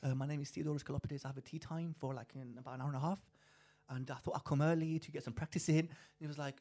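A man from England co-hosting a podcast, telling a story in a lively, animated way and often restarting his sentences. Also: on the high side, racing. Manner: animated storyteller, acts out quoted people, frequent restarts. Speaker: podcast co-host. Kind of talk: casual chat, storytelling.

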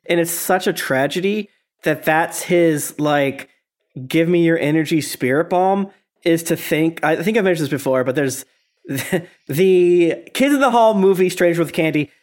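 Animated, higher-voiced man ranting. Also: a little slow. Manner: animated, swearing, acts out quoted voices. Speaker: podcast co-host. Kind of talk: casual review chat.

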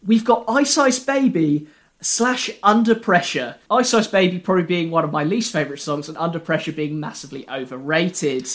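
A man's voice: fairly high pitch, normal speed, a bit bright. A young man co-hosting a podcast, chatting casually and joking at his own expense. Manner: wry, joking, self-deprecating. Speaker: podcast co-host. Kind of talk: casual chat.

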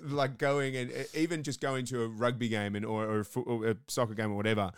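A man's voice: medium pitch, steady tone, fast, smooth, dry recording, clean studio sound. Easygoing Australian man chatting. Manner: easygoing, hesitant restarts. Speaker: podcast co-host. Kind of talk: casual chat.

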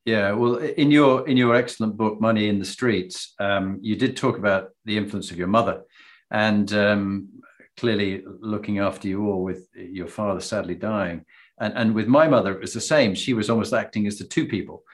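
A man hosting an interview, telling anecdotes in an animated, self-deprecating way. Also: fairly low pitch, moderate pace. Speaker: host. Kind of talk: conversational interview.

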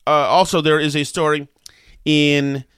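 A man's voice: fairly high pitch, normal speed, a bit bright, smooth, dry recording, studio quality. A man hosting a talk show with a New England accent, rambling and sarcastic with many fillers. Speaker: talk radio host. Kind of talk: opinionated casual talk.

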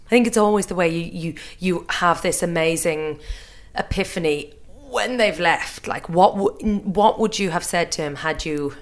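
A woman's voice: fairly low pitch, moderate pace, few pauses. A woman interviewing a guest in a casual chat, giving brief, dry remarks.

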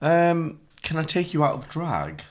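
A man's voice: fairly high pitch, big pitch swings. A man as a podcast guest, joking and teasing in casual chat. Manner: quick, teasing banter with laughs.

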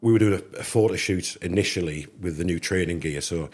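A man's voice: low voice, fast, slightly rough. A middle-aged man from England, a podcast guest, telling a casual anecdote and acting out the dialogue. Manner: animated anecdote teller, acts out dialogue. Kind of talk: casual storytelling.

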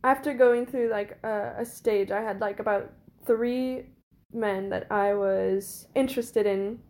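A woman's voice: medium pitch, fairly even intonation, measured pace, a little mellow. A young woman in college telling a story in casual chat, rambling and giggly with lots of fillers. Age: young adult.

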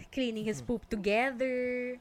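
A woman's voice: fairly high pitch, a little hiss or hum. A young Filipino woman co-hosting a casual podcast, chatting and giggling as she mixes English and Tagalog. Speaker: podcast co-host. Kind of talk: casual couple podcast chat. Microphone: podcast microphone.

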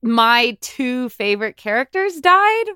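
A woman's voice: fairly high pitch, sing-song, unhurried, bright, forceful tone, clear, resonant tone, no echo, studio quality. A woman co-hosting a podcast in chatty, enthusiastic casual talk, full of "like" fillers. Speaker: podcast co-host. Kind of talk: casual chat.

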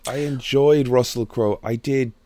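A man co-hosting a film podcast in a relaxed, chatty way, with plenty of fillers. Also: mid-range voice, unhurried, no echo. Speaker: podcast co-host. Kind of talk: casual film chat.

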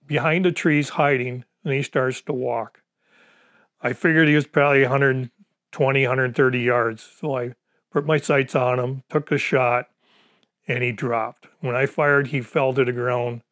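A man's voice: medium pitch, no room sound, studio quality. An older man from Michigan's Upper Peninsula telling his hunting story in plain, folksy talk, acting out what others said. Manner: plain-spoken, folksy grammar, lively quoted dialogue. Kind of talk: casual storytelling.

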